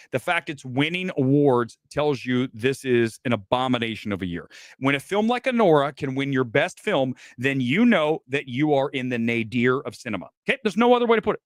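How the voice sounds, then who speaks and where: A man's voice: medium pitch, no echo. A man hosting a live movie review show, delivering a brash, emphatic, self-assured monologue full of rhetorical asides.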